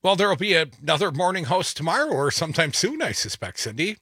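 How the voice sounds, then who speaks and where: A man's voice: fairly high pitch, animated, quick pace, pushed and bright, slightly rough. A man co-hosting a talk radio show, sarcastic and emphatic, taking calls and ranting about politics. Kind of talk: opinionated talk radio banter. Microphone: studio microphone.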